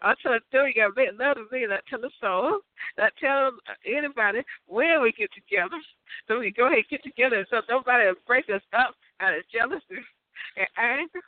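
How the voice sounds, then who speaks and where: A high-voiced woman rants in a loud, rambling comic monologue, swearing freely and breaking into laughter. The sound is thin and phone-like, close and dry with no room around it. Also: a little fast, no room sound. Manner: loud, profane, laughing often. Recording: tinny phone-like audio, dry.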